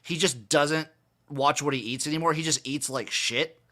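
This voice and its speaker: A man's voice: on the high side, moderate pace, pushed and bright. A man co-hosting a podcast in loose casual chat, joking and asking his partner questions. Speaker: podcast co-host.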